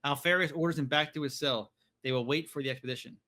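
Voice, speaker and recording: A man's voice: on the high side, fast talker, bright, forceful tone. A man hosting a podcast, casually recapping a novel in a rambling way, with lots of fillers and some swearing. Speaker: podcast host.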